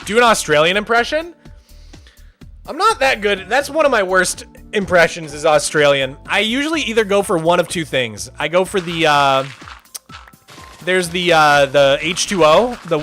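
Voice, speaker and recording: Young male streamer, bright and fairly high, chatty chat-reader, faint music under. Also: animated, normal speed. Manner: chatty, reads chat aloud, loose restarts. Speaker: streamer host. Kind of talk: casual livestream chat.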